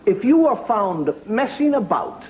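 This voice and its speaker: A man doing a stand-up monologue with wry, deadpan storytelling in a TV studio. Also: sits high, measured pace. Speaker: comedian. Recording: dull lo-fi TV recording with faint hiss.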